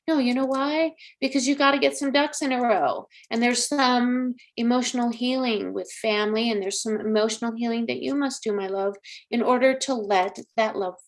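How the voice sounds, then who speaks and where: A woman's voice: on the high side, steady tone, normal speed. A middle-aged woman doing a live psychic reading, chatty and coaxing, calling viewers honey and girl. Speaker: psychic medium. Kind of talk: live-stream astrology reading.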